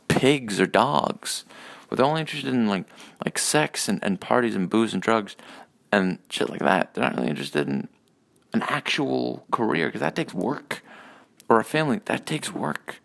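A man's voice: mid-range voice, vocal fry, fairly bright tone. A man hosting a casual solo rant podcast, rambling and profane with many hesitations. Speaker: podcast host.

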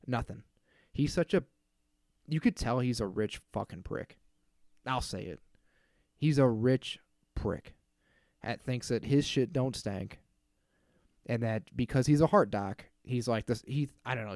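Thirties male podcast host, casual exasperated rant with swearing, mid pitch, dry recording. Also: normal speed, pauses often, darkish tone, no echo. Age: 30s. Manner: exasperated, profane, mocking the people he quotes.

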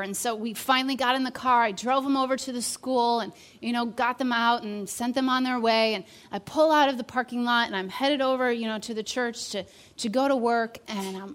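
A woman's voice: fairly high pitch, fairly bright tone. A woman pastor preaching and telling a candid personal story, acting out the quoted lines as she goes.

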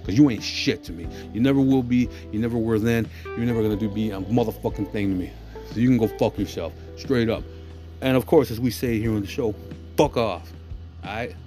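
Soft music plays behind a man whose lowish, mellow voice moves briskly. Hosting a podcast, he launches into an aggressive, swear-laden monologue, asking "you know what I'm saying" again and again.

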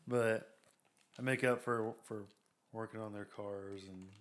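A man's voice: on the low side, fairly even intonation, a little slow, a bit bright, slight background noise. A man in his twenties co-hosting a podcast, laid-back and joking, with short casual remarks. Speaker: podcast co-host. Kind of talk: casual chat.

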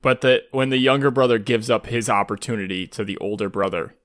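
A man's voice: medium pitch, a bit bright. A man with a Michigan accent co-hosting a podcast in casual chat, talking with feeling and many stops and restarts. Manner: emotional, halting, many restarts. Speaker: podcast co-host.

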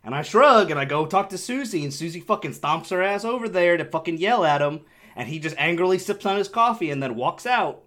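A young man with an animated delivery, casually telling a story on a podcast, swearing freely and acting out the voices of the people in it. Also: high voice, fairly quick. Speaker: podcast co-host.

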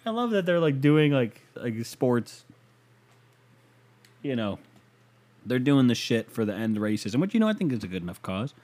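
A man's voice: mid-range voice, big pitch swings, measured pace, long pauses, darkish tone. A man hosting a casual, comedic rant show, talking in a profane, sarcastic and rambling way.

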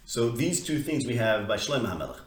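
A man leads a casual text study class. He keeps posing questions and restarting his sentences as he thinks aloud. His voice sits at an ordinary pitch and carries a noticeable echo from the room. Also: big pitch swings, brisk. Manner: conversational, questioning, full of restarts and fillers. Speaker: Torah teacher. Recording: echoey room.

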